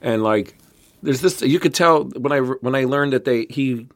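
A man's voice: mid-range voice, normal speed. A man co-hosting a casual history podcast, telling the story in a rambling way with many restarts. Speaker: podcast co-host.

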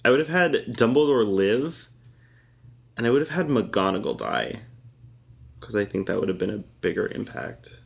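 A man's voice: lowish voice, very animated, normal speed, vocal fry, pauses often. A young man co-hosting a casual chat, playful and joking, laughing often.

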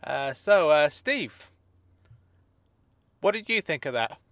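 A man hosting a comedy podcast, talking in a mild, calm, deadpan way with hesitant fillers. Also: on the high side, takes it slowly, no echo.

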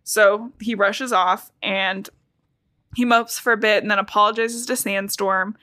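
A young woman hosting a podcast, recapping a book in casual chat, talking fast with lots of "like". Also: medium pitch, fairly even intonation, bright, forceful tone, dry recording. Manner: chatty, fast, frequent "like" and laughs. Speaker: podcast host.

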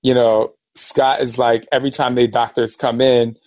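A man hosting a podcast, telling a personal story in a rambling, animated way and acting out the voices of people in it. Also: medium pitch, moderate pace, no echo. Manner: animated, rambling, acts out quoted dialogue. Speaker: podcast host. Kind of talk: casual storytelling.

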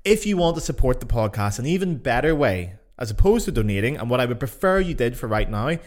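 A young man with a Northern Irish accent talks straight to his listeners in a loose, chatty podcast style. His pitch sits in an ordinary middle range but bounces up when he gets excited, and he swears in passing. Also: quick pace. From Northern Ireland. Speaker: podcast host, flutist. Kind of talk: casual solo podcast talk. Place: home in Cologne.

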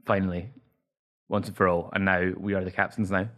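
Scottish male podcast host, low voice, dry jokey banter. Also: level tone, fairly quick, a bit bright. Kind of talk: casual chat.

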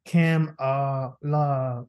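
A man's voice: mid-range voice, steady tone, extremely slow, a little mellow, highs cut off. A young man co-hosting a podcast, swearing, joking and laughing through casual banter. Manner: profane, jokey, laughs often. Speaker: podcast co-host.

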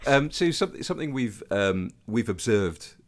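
A man's voice: lowish voice, animated, a little slow. A man hosting a podcast, asking questions in an enthusiastic, casual way. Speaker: podcast host.

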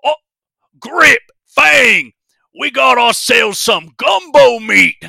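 A man voicing a huge, brutish male bugbear beast-handler who snarls and shouts. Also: fairly high pitch, expressive, slow, dry recording, studio quality, exaggerated voice. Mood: snarling. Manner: snarling, shouting, gruff drawl.

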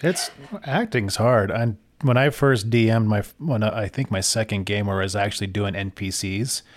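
A man co-hosting a podcast, chatting casually with quick, laughing enthusiasm. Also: on the low side, a little hiss or hum. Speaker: podcast co-host. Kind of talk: casual interview chat.

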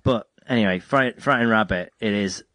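A man's voice: fairly low pitch, normal speed, sharp tone, dry recording. A man hosting a podcast, chatting casually about music in a rambling, jokey way that keeps breaking off and restarting. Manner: rambling, self-interrupting, jokey. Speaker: podcast host.

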